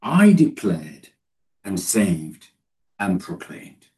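A man's voice: fairly low pitch, sing-song, very slow, dark tone. Emphatic man preaching, distant mic. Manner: emphatic, rises sharply when quoting scripture, many fillers and restarts. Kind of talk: sermon.

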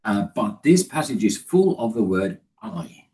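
A man's voice: lowish voice, very animated, measured pace, mellow. A man giving a discursive, explanatory Bible study lesson, with the voice recorded from a distance. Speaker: Bible teacher.

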